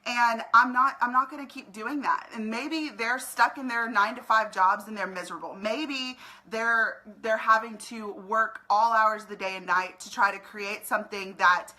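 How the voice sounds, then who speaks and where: Bright-voiced woman giving an emotional pep talk. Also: on the high side, steady tone, normal speed, hardly any pauses, rough recording. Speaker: network marketing recruiter. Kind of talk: motivational direct-to-camera talk. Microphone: camera in front of her.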